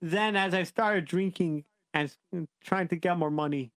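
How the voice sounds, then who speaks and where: A man voicing a remorseful, dying old innkeeper who talks haltingly in a weak voice. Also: sits high, a bit bright, no echo. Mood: regretful.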